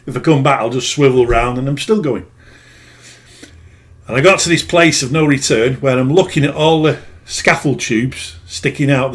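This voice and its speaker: A man's voice: mid-range voice, a bit bright. A middle-aged man who works as a spiritual healer, telling a personal story in a rambling, plain-spoken way that often corrects itself. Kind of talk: casual storytelling monologue.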